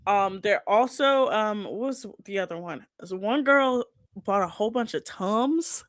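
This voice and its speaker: A woman from the United States chats excitedly as a podcast co-host, her voice at a middle pitch. She often laughs mid-sentence. The recording is dry and close-miked. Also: unhurried, no echo. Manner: chatty, excitable, laughs while talking. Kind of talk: casual chat.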